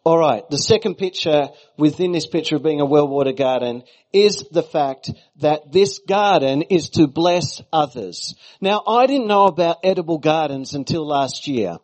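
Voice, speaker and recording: A man's voice: on the high side, lively intonation, normal speed, few pauses, darkish tone, poor audio. A middle-aged Australian man giving a sermon as a guest preacher, with playful, chatty asides to the congregation.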